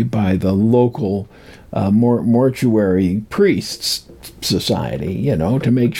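Older man, gravelly, husky, lively pitch, rambling folklore chat. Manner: rambling, chuckling, acts out voices. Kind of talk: casual storytelling talk.

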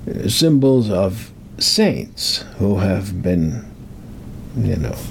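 A man's voice: sits low, big pitch swings, drawn-out words, vocal fry, a little hiss or hum, heavily acted. A man voicing a young Vatican priest with a put-on Italian accent, patiently repeating himself. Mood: gently correcting. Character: young male Vatican priest, gently insistent.

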